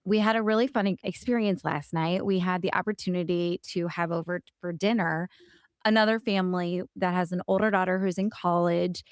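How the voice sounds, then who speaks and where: A lively woman co-hosts a podcast in casual chat, an animated storyteller who acts out quotes. Her resonant, clear voice runs on the low side and a little fast. The sound is dry and close, with no room sound.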